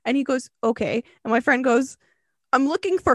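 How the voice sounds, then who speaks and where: A young woman co-hosting a podcast, telling a story in a casual, animated way, laughing and swearing often. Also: high-pitched, moderate pace, no echo. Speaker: podcast co-host.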